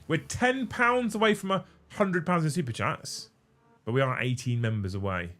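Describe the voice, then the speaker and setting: A man hosting a casual livestream, swearing freely, getting excitable and thanking viewers by name. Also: on the high side, moderate pace. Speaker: livestream host.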